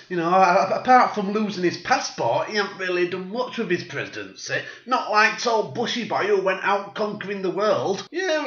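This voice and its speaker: A man's voice: sits high, bright, forceful tone. A man delivering a sarcastic, swearing satirical rant. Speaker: vlogger. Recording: echoey room, dull lo-fi sound.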